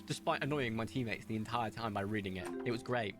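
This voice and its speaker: Music plays behind a young man whose fairly low voice moves fast as he streams a video game. He rambles casually through anecdotes and commentary, chatty and animated in how he tells them.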